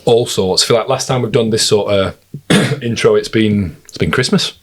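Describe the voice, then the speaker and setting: Deep-voiced man telling stories. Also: normal speed. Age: young adult. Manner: jokey storyteller, laughs often. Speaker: podcast co-host. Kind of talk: casual chat.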